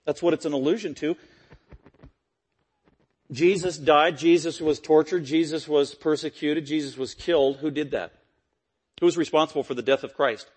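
A man preaching an expository sermon, emphatic and repetitive, swinging from loud peaks to quiet low lines. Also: steady tone, normal speed, long pauses, slightly rough. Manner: repetitive, stressing key phrases.

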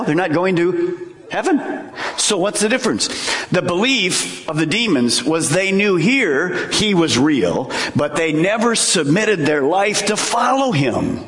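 A man preaching a sermon as pastor, emphatic and animated, joking with his congregation. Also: high-pitched. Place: church sanctuary. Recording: echoey church hall.

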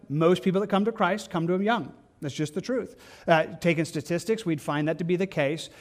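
Brief: male pastor, fairly high voice, earnest and pastoral, sermon delivery with frequent restarts. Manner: earnest, pastoral, repeats words and restarts phrases.

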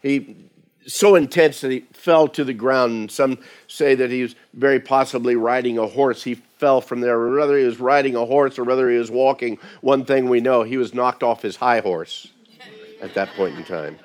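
A man's voice: mid-range voice, moderate pace. A man preaching a sermon as pastor, talking conversationally and acting out quoted voices.

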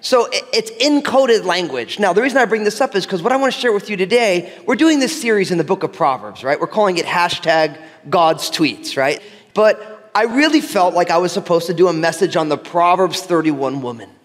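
Male pastor from New Jersey, high voice, chatty self-mocking storyteller, recorded in a reverberant hall. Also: expressive, a little fast. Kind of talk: sermon.

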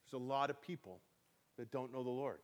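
A man's voice: mid-range voice, brisk. A man pastor preaching a conversational sermon, folksy and emphatic, swelling on key points and chuckling between them.

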